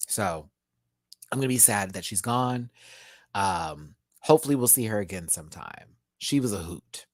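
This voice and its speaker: Campy, lively male reviewer. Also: on the low side, normal speed, no room sound, studio quality. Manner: campy, sassy, laughs often. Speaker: YouTube drag show reviewer. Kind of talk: casual live review chat.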